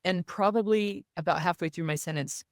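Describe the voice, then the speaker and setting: As a guest in an interview, a woman with a fairly low pitch speaks a little fast, earnestly relating something personal and acting out others' quoted voices. The studio-quality sound has no room echo.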